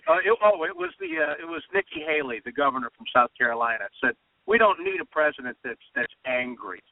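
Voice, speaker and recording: A man with a fairly high, gravelly voice tells stories excitedly on talk radio, his pitch swinging widely as he acts out what others said. The sound is dry and squeezed into a thin, phone-like band. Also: dry recording. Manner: excited storytelling, quotes others animatedly. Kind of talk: casual political talk radio.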